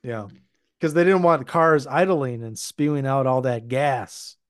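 A man's voice: mid-range voice, measured pace, dry recording, clean studio sound. A man from the United States hosting a podcast, chatting casually and laughing often. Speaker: podcast host. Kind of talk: casual chat.

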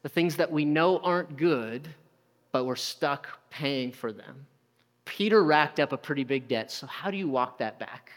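A man's voice: medium pitch, measured pace, a bit bright, in a large hall. A man preaching a conversational sermon, asking rhetorical questions and acting out short quotes. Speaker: pastor.

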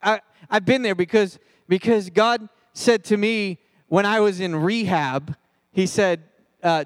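High-voiced, lively man preaching. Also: unhurried, no room sound. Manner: animated, jokey, talks straight to the crowd. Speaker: pastor. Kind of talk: comedic youth sermon.

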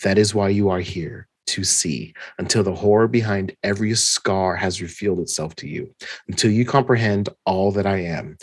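A grandiose masked tyrant, read out by a guy giving a slow, menacing speech. the voice sits low and husky and sounds close and dry, with no room around it. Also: no room sound. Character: arrogant masked tyrant ruling many worlds, male.

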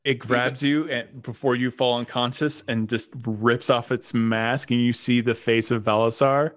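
A man's voice: mid-range voice, steady tone, measured pace, fairly bright tone, no echo. A man narrating as game master in a tabletop game, matter-of-fact and apologetic when he deals damage.

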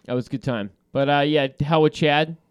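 A man's voice: fairly high pitch, a little fast, smooth, dry recording, highs cut off. A man hosting a podcast, telling a heated story with lots of swearing and laughter in casual banter. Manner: animated storytelling with profanity and laughter. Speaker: podcast host.

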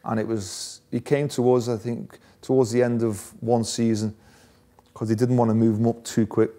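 A man's voice: mid-range voice, flat delivery, moderate pace, dark tone. Chatty man telling stories. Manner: chatty, laughs often, restarts phrases. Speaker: former footballer guest. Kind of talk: casual interview storytelling.

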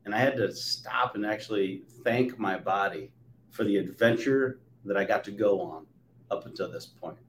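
A man in his forties hosting a podcast, telling stories with animated swings between loud and soft. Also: fairly low pitch, moderate pace, slight background noise. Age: 40s. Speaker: podcast host. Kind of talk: conversational interview. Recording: roomy echo.

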